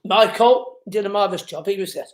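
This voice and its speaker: A man's voice: high voice, a little fast, roomy sound. A man from the hosting a casual live show from home, emotional and chatty. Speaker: host.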